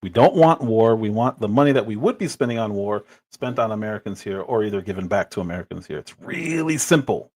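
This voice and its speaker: A man's voice: fairly low pitch, fast talker, hardly any pauses, darkish tone. Exasperated man reacting on stream. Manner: exasperated, mocking remarks. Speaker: livestream host. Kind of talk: reaction commentary.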